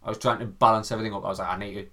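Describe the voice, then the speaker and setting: A man's voice: fairly low pitch, rapid-fire. Young guy telling a story on a podcast, swears a lot, does little voices, keeps cracking up. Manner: animated, mimics voices, swears, laughs often. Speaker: podcast co-host. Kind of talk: casual storytelling chat.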